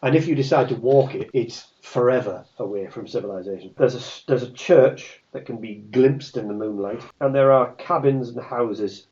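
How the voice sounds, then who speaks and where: A man's voice: medium pitch, moderate pace, few pauses, darkish tone. Man running a tabletop horror game. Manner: wry, rambling scene-setting with asides. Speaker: game master. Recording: lo-fi, slightly distant mic.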